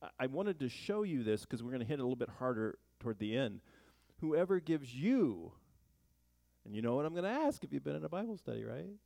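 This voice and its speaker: Gravelly, lively man teaching the Bible. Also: mid-range voice, rapid-fire, few pauses, dry recording. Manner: chatty, joking asides, rhetorical questions. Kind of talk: conversational Bible study sermon.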